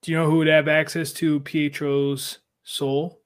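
A man's voice: a little high, level tone, a little slow. A man co-hosting a podcast in casual chat, speculating eagerly and jumping between ideas. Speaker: podcast co-host.

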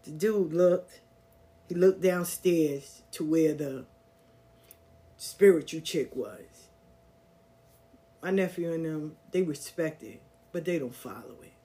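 Older woman host. Casual, animated storyteller who slips into slangy voices for the people in her story. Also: sits low, slow, long pauses. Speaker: podcast host.

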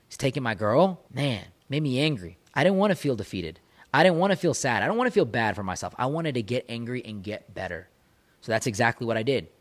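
Man, breakup coach, rapid-fire delivery, intense, emphatic, repeats lines for punch, talking into a mic. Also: mid-range voice, expressive. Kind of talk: motivational monologue. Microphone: studio microphone.

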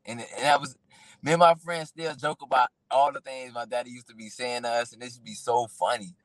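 Young male athlete guest, rambling and relaxed, dry close sound. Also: medium pitch, fairly quick, no echo, low-quality recording. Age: young adult. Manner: relaxed, rambling, laughing storyteller. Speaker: high school athlete guest. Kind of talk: casual interview chat.

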